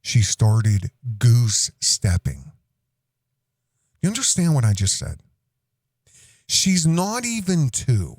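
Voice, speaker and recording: A man hosting a podcast, telling a rambling casual story and jumping up high in pitch when he imitates a small child. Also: sing-song, slow pace, pauses often, a little mellow, no room sound, studio quality. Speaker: podcast host.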